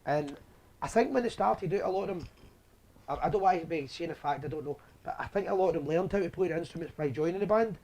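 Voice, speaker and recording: Fast-talking high-voiced Scottish man. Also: darkish tone. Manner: rambling, chatty storyteller. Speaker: host. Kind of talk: casual live show chat.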